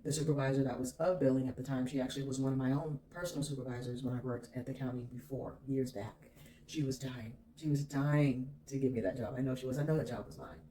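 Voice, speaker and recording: A woman's voice: a bass voice, steady tone, fast talker, mellow. A woman vlogger telling a personal story in an emphatic, candid way, swearing freely.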